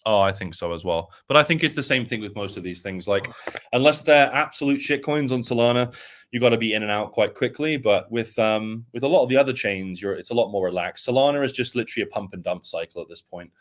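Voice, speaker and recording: A man co-hosting a casual crypto chat, relaxed and easygoing, calling people mate. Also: on the low side, fast. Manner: relaxed, laid-back, says mate a lot. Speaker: crypto show co-host.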